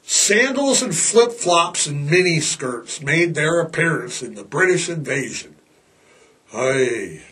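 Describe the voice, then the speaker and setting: Lively, slow-talking man hosting a podcast. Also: on the high side. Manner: rambling, animated, with playful put-on voices. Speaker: podcast host. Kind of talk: casual chat.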